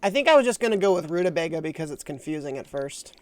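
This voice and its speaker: Chatty, lively woman streamer. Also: low voice, fast, dry recording. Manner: chatty, self-mocking, laughs often. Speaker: game streamer. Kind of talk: casual live gameplay commentary.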